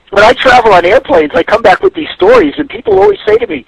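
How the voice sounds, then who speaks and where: A man's voice: very high-pitched, huge pitch swings, fairly quick, creaky, rough recording. A man giving a radio interview as a guest, telling stories in a reflective way. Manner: storytelling, reflective.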